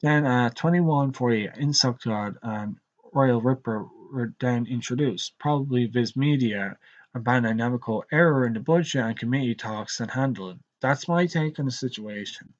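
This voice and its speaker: A man's voice: medium pitch, normal speed. Man, rural Irish accent, streamer, rambling casual commentary, muffled lo-fi sound. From Ireland. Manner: rambling, conversational, talks straight to the viewers. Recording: dull lo-fi live stream audio.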